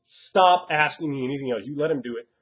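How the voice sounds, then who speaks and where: A man's voice: a little high, fast talker. A man giving blunt, emphatic advice on tabletop role-playing as a game master, acting out quoted players. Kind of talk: casual advice monologue.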